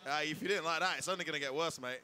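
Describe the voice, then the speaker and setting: A man's voice: on the high side, very fast, sharp tone. A man doing casual live esports commentary, full of cheeky, joking banter with his co-caster.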